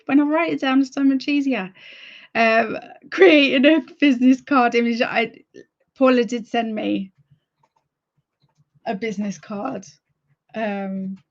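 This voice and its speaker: Woman livestream host, casual chat, thinks out loud, slightly high voice, unhurried, dull lo-fi audio. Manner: chatty, thinks aloud.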